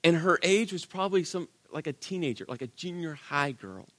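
Animated high-voiced male preacher. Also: a little fast. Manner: animated storytelling, acts out quotes, rhetorical questions. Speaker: pastor. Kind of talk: sermon.

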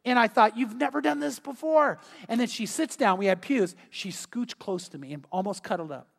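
Male pastor, high voice, animated storyteller, church hall reverb. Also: brisk. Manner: storytelling, lively and emphatic. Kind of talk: sermon. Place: church sanctuary.

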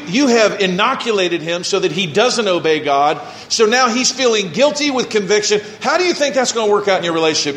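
High-voiced preaching pastor, echoey room. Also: male voice, a bit bright, slight background noise. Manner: preaching with acted-out quotes and scripture reading. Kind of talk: sermon.

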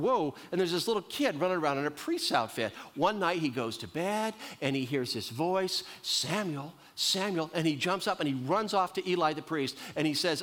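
A middle-aged man preaching a sermon, telling a Bible story with acted-out lines and slowing down for emphasis. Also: fairly high pitch, fairly bright tone. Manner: storytelling, acts out characters' lines, slows for emphasis.

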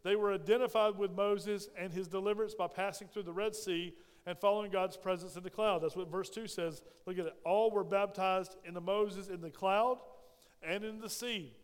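Guy pastor preaching, high-ish voice, folksy, keeps saying right?, big echoey church. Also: fairly even intonation, a little fast, clear, resonant tone. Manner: folksy storytelling with asides; frequent "right?" check-ins. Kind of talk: sermon.

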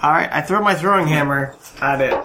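Man playing a tabletop game, higher gravelly voice, playful, noisy background. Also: a little fast. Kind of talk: casual game-table chat.

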